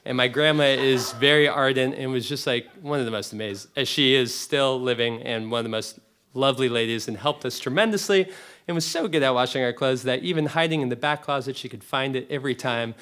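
A man's voice: mid-range voice, fairly quick, fairly bright tone, clear, resonant tone. A young man telling a comic personal story to a live audience, rambling and restarting as he laughs through it. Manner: rambling, self-interrupting, laughing often. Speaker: storyteller on stage.

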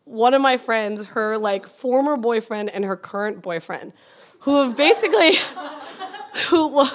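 Woman, young adult, high bright-sounding voice, rapid casual storytelling, lots of "like", swears freely. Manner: rapid, filler-heavy, animated and swearing. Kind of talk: casual spoken anecdote.

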